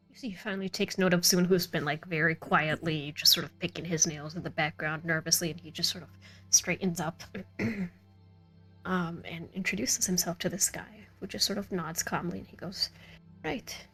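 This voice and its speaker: A woman's voice: lowish voice, steady tone, normal speed, fairly bright tone, soft background music. A woman as game master, narrating a tabletop game in a chatty way and laughing often.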